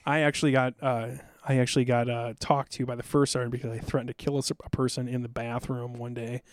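A man's voice: medium pitch, little pitch movement, fast talker, dry recording, clean studio sound. A middle-aged man from South Dakota, a podcast guest telling stories in an intense, amped-up, blunt and profane way. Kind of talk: casual storytelling.

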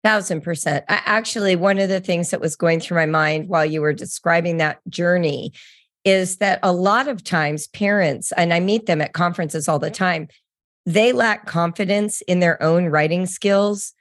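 Brief: middle-aged woman host, lively storyteller, dry close recording. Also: fairly low pitch, no room sound. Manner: enthusiastic, storytelling, quick asides. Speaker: podcast host, writing educator. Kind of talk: conversational interview.

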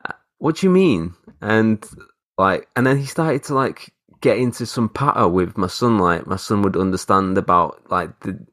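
A man's voice: on the low side, moderate pace, fairly bright tone, no room sound. A man, telling a rambling, sweary anecdote in casual chat as a podcast co-host. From northern England. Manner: rambling storyteller, swears, mimics people in his stories.

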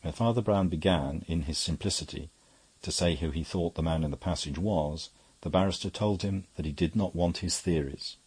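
Deep husky male audiobook narrator. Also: normal speed, darkish tone, no room sound. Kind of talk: scripted narration.

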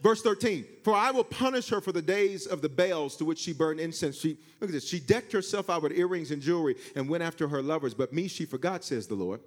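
A male pastor preaching a sermon, calling on the congregation to answer and touch their neighbor, swinging between shouts and hushed asides. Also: on the high side, brisk, hardly any pauses. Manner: animated, swings from shouting to hushed, acts out God's voice; call-and-response with congregation.

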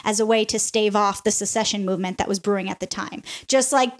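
A woman's voice: medium pitch, a little fast, few pauses. A woman hosting a casual chat, telling a history story with playful asides and frequent laughs. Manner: animated, laughs often, playful asides to co-hosts.

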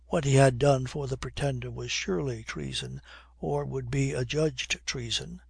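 Slow, gravelly male audiobook narrator. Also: mid-range voice, dry recording, clean studio sound. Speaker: audiobook reader.

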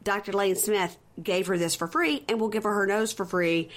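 A woman with a voice of middling pitch, co-hosting a podcast. She recaps a reality show in a relaxed, chatty way and acts out lines from it as she goes. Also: normal speed. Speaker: podcast co-host.

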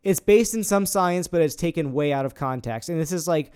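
Young male podcast host, sarcastic and rambly, smooth and slightly high-pitched. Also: fairly quick, darkish tone. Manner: sarcastic, rambling, swears casually. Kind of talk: casual podcast chat.

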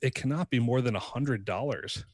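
A man's voice: mid-range voice, moderate pace, no echo. A man co-hosting a casual podcast chat, talking in a rambling way with many fillers and restarts. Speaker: podcast co-host.

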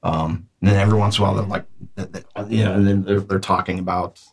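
A man narrating as game master of a tabletop game, halting and full of fillers. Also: sits low, fairly even intonation, husky.

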